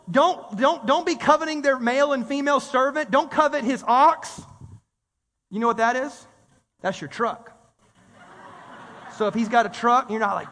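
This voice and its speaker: A man preaching a sermon as pastor, animated and conversational, calling out to the congregation for responses. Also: very high-pitched. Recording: reverberant hall sound.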